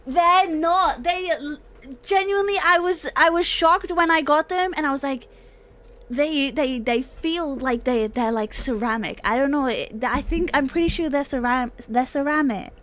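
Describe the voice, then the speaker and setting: A woman's voice: high voice, moderate pace, a bit bright. A young woman streaming, chatting casually with viewers in a joking, mock-dramatic way, laughing often and swearing now and then. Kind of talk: casual live-stream chat.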